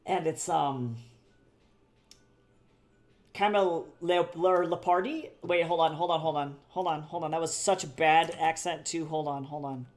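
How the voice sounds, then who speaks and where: A mid-range voice with fairly even intonation keeps up a normal speed with hardly any pauses as an artist live-streams their drawing. The chatter is casual and meandering, full of self-corrections and repeated phrases, plus occasional swearing and laughter at their own jokes.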